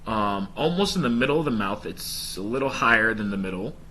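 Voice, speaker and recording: Man, casual vlog voice, bright and forceful tone, a bit low-pitched, chatty with ums. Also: animated, a little fast. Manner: chatty, talks viewers through his plan with filler ums. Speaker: language learner vlogger.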